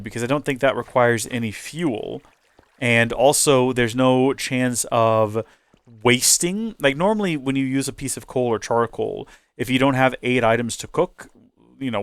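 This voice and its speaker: A man's voice: medium pitch, fairly bright tone, no room sound, studio quality. A young man hosting a video game playthrough, chatting in a rambling, playful way. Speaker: host.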